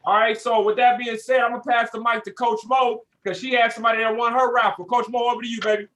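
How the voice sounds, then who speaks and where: A man's voice: extremely high pitch, flat delivery, fast talker, a bit bright. A man hosting a group call, hyped and friendly, talking in loose slang. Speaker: host of a trading group call.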